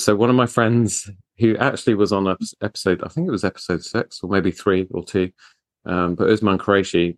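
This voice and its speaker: A man hosting a podcast interview, chatty and self-deprecating with quick asides. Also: sits low, dry recording. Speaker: podcast host. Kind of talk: casual interview chat.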